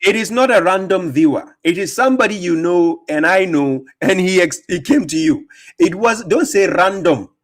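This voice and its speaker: A man's voice: high voice, expressive, normal speed. A man hosting a reaction commentary, talking in a mocking, emphatic way, laughing often and repeating words. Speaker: host reacting to a video.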